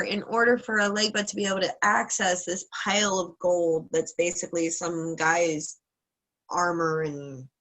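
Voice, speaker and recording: Chatty woman telling a folk tale. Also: on the low side. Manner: lively, chatty, with fillers and asides. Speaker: class leader. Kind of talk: casual storytelling lesson.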